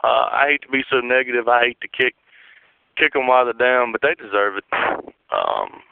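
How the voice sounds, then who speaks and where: A man's voice: medium pitch, expressive, normal speed, vocal fry, noisy background. A disgusted male caller venting and swearing about his team on a call-in show. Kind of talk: call-in rant. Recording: dry phone line.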